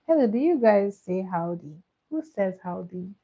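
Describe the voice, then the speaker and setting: A woman's voice: mid-range voice, lively intonation, moderate pace, breathy edge. A woman hosting a casual live stream, chatty and laughing often as she answers viewers' comments. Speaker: livestream host. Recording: tinny phone-like audio.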